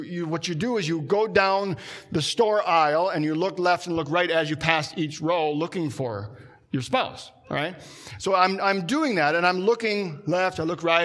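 Guy giving a sermon, kinda high voice, chatty, slows way down on the big points. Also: fairly bright tone. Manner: conversational preaching, slows down and drops low for emphasis. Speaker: pastor.

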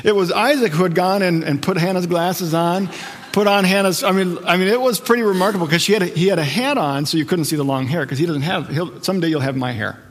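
A man's voice: high-pitched, quick pace, long reverb tail. A middle-aged man preaching a sermon, telling stories in a conversational way and acting out quotes. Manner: conversational storytelling with acted quotes. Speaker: pastor.

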